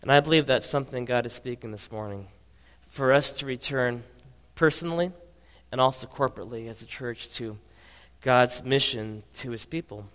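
A man preaches a sermon from the pulpit at a middle pitch. His delivery swings between hushed low passages and raised emphatic ones. The sound carries a long, roomy church reverb. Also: moderate pace, smooth. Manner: dynamic preaching, drops to soft low tones then rises. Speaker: pastor. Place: church sanctuary. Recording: reverberant hall.

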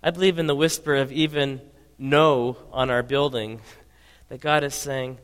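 A man's voice: fairly even intonation, normal speed, clear, resonant tone. Preaching man in a reverberant hall. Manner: dynamic preaching, drops to soft low tones then rises. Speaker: pastor. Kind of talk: sermon. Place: church sanctuary.

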